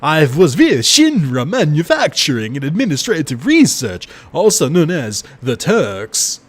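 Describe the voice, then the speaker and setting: A man voicing a gloomy former agent who talks slowly and dramatically. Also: on the high side, wildly swooping pitch, husky, voice pushed up, full character voice. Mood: somber. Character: brooding male gunman, somber ex-agent, gloomy.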